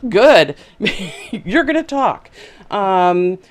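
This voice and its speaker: A woman's voice: medium pitch, sing-song, very slow. A woman hosting a casual video chat show, talking in a chatty, hesitant way with many fillers. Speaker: host.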